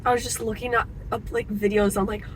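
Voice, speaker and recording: A woman's voice: mid-range voice, little pitch movement, fairly quick, slight background noise, poor audio. A teenage American girl chatting playfully with her mom in a car. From United States. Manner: giggly, playful. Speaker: vlogger's daughter. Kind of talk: casual family chat.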